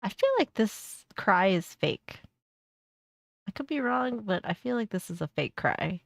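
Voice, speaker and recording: A woman streamer talks over a video in casual, sarcastic reaction commentary. Her mid-pitched voice has a gravelly fry, and it sits close and dry with no room sound. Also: expressive, unhurried, no echo. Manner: blunt, sarcastic, laughs often.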